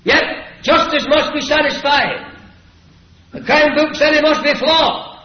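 A man's voice: very high-pitched, unhurried, pitched above the performer's own voice. A man putting on the voice of a troubled school doctor in a dull, echoey old recording. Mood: stern.

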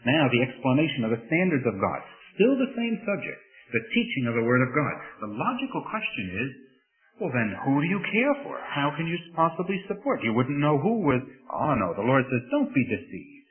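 A man's voice: mid-range voice, sing-song, fairly quick. A man preaching a sermon to his congregation, earnest and lifting his voice to stress scripture. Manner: earnest, rising emphasis on scripture quotes. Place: church. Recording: tinny phone-like sermon recording.

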